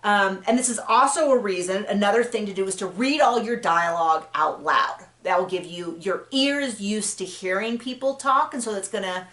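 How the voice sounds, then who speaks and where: Woman author, relaxed advice talk with lots of fillers and restarts, recorded in an echoey room. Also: medium pitch, moderate pace, few pauses. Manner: chatty, with frequent fillers and self-corrections. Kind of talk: casual advice talk to camera. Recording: roomy echo.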